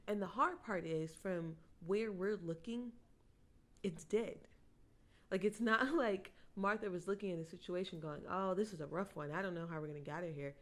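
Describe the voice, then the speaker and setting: A woman with a slightly low voice hosts a devotional podcast. She reads a Bible passage and then reflects on it earnestly and personally, sometimes with a soft laugh. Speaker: podcast host.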